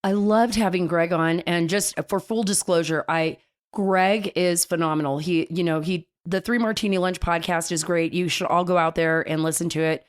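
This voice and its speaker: A woman with a lowish, steady voice talks at a normal speed as she hosts a political talk show. Her delivery is enthusiastic and chatty, full of restarts, in the style of casual political radio commentary.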